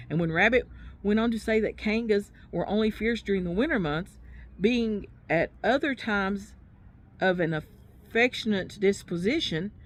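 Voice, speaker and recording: Woman casually reading a storybook aloud. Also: mid-range voice. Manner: casual, pauses to comment on the book. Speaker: storybook reader.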